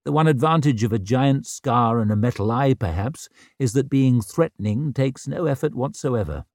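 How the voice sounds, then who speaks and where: A man narrating an audiobook in an expressive, wry storytelling manner. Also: medium pitch, moderate pace, dry recording, clean studio sound. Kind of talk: scripted narration.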